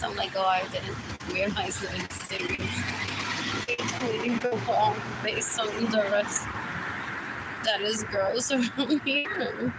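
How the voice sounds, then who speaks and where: A woman with a high voice rambles unhurriedly through a live stream on her phone, circling back to the same questions and drifting between English and Spanish. Loud traffic and passing vehicles fill the background. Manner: meandering, repeats herself, switches between English and Spanish. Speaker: livestreamer.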